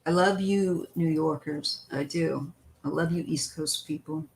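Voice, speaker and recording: A woman's voice: sits low, steady tone, a little slow, gravelly, a little mellow, slight background noise, rough recording. A woman hosting a live tarot stream who chats loosely, greets viewers by name and wanders between thoughts while reading the cards. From western United States.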